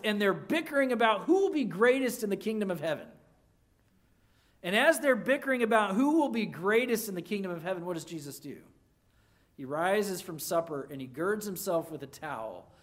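A preacher delivering a sermon, alternating between loud, forceful emphasis and quiet, low passages, and emphatically restarting his phrases again and again.

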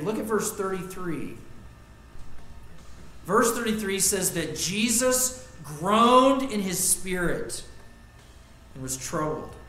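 A man preaching a sermon as pastor, earnest, rising to loud emphasis and dropping to quiet reflection. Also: sits high. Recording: echoey room with faint ambient noise.

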